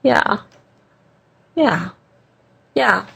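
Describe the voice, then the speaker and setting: A woman guest in an interview, telling a personal story in an animated way, laughing often and repeating phrases for emphasis. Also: mid-range voice, extremely slow, vocal fry, husky. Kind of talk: conversational storytelling.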